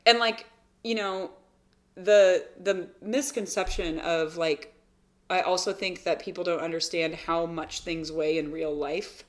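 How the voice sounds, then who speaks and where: Lady in her 30s, lowish voice, chatting earnest and thoughtful on a health podcast, gets animated quoting herself. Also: unhurried. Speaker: podcast co-host, physical therapist. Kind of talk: casual chat.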